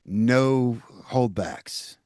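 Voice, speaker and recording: A man's voice: mid-range voice, drawn-out words, a little mellow, smooth, no room sound. A man co-hosting a podcast, giving blunt, emphatic opinions in casual chat. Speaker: podcast co-host.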